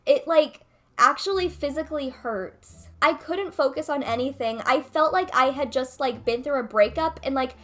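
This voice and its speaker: A young adult woman with a high voice and fairly bright tone speaks at a moderate pace. She's a gaming vlogger retelling a personal story in a chatty, casual way with lots of fillers.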